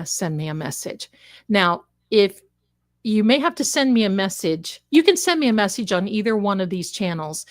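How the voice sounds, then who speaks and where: A woman hosting a psychic livestream, chatting casually and rambling, calling her viewers "my darlings.". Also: mid-range voice. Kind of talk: casual live-stream chat.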